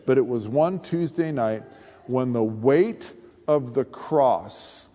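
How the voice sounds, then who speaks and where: Animated man telling a story from the pulpit. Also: mid-range voice, slow. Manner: animated storyteller who acts out voices. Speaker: pastor. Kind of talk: sermon testimony. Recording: long reverb of a large hall.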